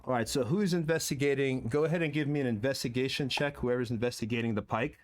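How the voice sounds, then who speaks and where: A man's voice: medium pitch, fast. A man running a tabletop game as game master over an online call, describing items in an easygoing, rambling way.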